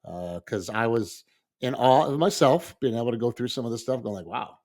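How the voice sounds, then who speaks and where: A man's voice: mid-range voice, lively intonation, a little fast, a little mellow. A man of sixty co-hosting a podcast, talking earnestly in a rambling, casual way and laughing often. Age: 60s. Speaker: podcast co-host.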